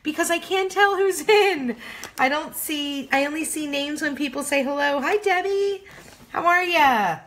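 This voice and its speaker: A woman's voice: high voice, a little slow, fairly bright tone, a little hiss or hum. A woman hosting a crafting livestream, chatting casually and greeting viewers by name in a bubbly, talkative way.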